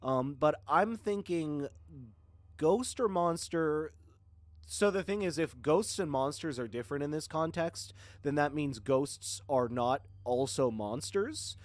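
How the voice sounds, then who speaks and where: A man's voice: on the high side, animated, slow pace, no room sound. A man in his twenties from Florida, chatting casually with viewers on a live stream, rambling and thanking people often. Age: 20s. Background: faint horror music.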